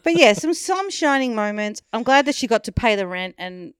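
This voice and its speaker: Smooth-voiced woman co-hosting a podcast. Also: on the high side, moderate pace, no echo, studio quality. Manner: blunt, animated, swears freely. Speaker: podcast co-host. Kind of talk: casual film review chat.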